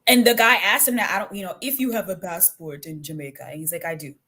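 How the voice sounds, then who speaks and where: A woman's voice: fairly low pitch, steady tone, fast talker, background noise. A woman co-hosting a casual talk show, retelling an online argument and acting out the quotes, laughing often. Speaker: podcast co-host. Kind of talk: casual chat.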